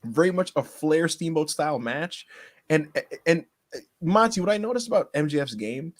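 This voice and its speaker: A man co-hosting a casual podcast, excitable and teasing, laughing often as he talks. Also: a little high, normal speed. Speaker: podcast co-host.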